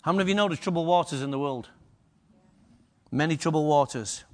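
A man preaching a lively sermon to a congregation, acting out the story's characters. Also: fairly high pitch, a little fast.

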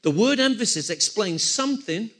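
A man preaches with lively energy. His voice sits high and rings bright. He repeats his key phrases and keeps asking the congregation questions. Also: normal speed. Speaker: pastor. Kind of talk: sermon.

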